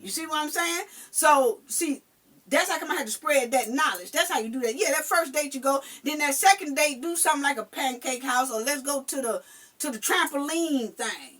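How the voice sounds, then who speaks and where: A mother telling a personal story in casual chat, emphatic and animated, swearing now and then. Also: sits high, moderate pace, far from the mic.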